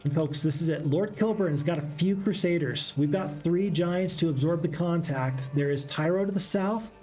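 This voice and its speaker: Gamer guy narrating his turns, kinda high mellow voice, chatty, quiet game music behind. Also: normal speed. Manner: chatty, thinks aloud, addresses folks. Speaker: gaming channel host. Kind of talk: casual strategy game commentary.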